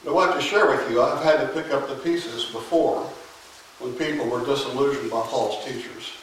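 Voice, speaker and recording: A man preaching a sermon in a church, emphatic and unhurried, pausing long and often dropping to a quiet voice. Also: mid-range voice, a little hiss or hum. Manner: emphatic, with long pauses and sudden drops to a quiet voice. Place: church sanctuary. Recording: very echoey church, mic at a distance.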